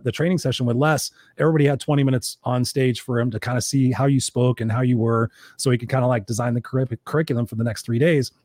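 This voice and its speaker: Middle-aged male host, quick and animated storyteller, swears, dry close sound. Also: medium pitch, no room sound. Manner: animated, swears freely, acts out quotes. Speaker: podcast host. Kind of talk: casual storytelling chat.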